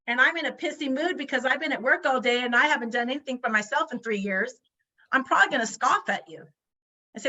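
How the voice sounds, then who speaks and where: A woman's voice: high voice, quick pace, bright, forceful tone. A woman in her forties giving a motivational talk over a video call, emphatic and full of rhetorical questions. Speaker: guest speaker.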